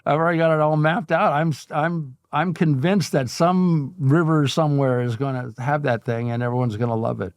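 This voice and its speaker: An older man tells stories as an interview guest, animated and quick to chuckle. His voice sits a little high for a man. The sound is close and dry. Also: no room sound. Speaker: guest artist. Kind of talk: casual storytelling interview.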